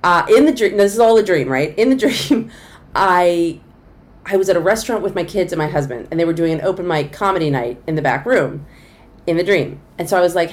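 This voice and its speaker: Middle-aged woman, comedian, animated storyteller, slightly low voice, quotes people in their voices. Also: brisk. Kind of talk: storytelling in a conversational interview.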